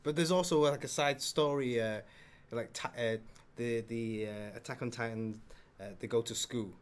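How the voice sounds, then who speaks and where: A man co-hosting a casual question and answer chat, talking haltingly and stumbling over his words. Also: medium pitch, steady tone, smooth. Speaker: co-host.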